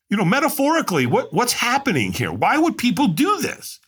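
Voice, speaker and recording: A man's voice: huge pitch swings, fairly quick, few pauses, fairly bright tone, slightly rough. A man telling his story as a podcast guest, acting out quotes with big dramatic swings. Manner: dramatic, acts out quotes with big pitch jumps. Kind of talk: animated storytelling.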